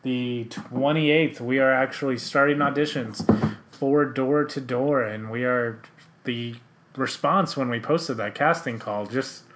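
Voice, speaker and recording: Male podcast host, unhurried delivery, laughs through his rambling chat. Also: medium pitch, heavy background noise. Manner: rambling, laughs often, self-interrupting.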